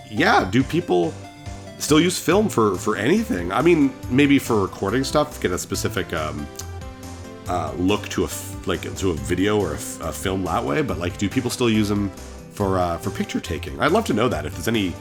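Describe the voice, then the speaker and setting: Low-voiced man rambling over a game. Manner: rambling, chuckling, self-correcting. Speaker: gaming channel host. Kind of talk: casual let's-play commentary reading game dialogue.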